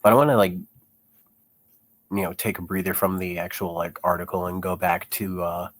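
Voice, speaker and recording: A man's voice: low-pitched, fairly even intonation, normal speed, dry recording. A young man with chest congestion, sick, chatting casually through a commentary vlog, chuckling often and rambling with lots of fillers. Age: young adult. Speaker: YouTuber reading comments.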